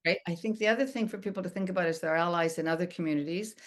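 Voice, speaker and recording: A woman's voice: lowish voice, rapid-fire. A woman moderating a question-and-answer session, talking conversationally and often checking in with her listeners. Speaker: event moderator.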